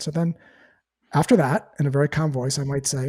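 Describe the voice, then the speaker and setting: A man's voice: a little high, fairly even intonation, a little fast, a little mellow, slightly rough. A man who works as a sales trainer, answering interview questions in a teaching tone and acting out sample call lines. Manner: explains with acted-out call examples.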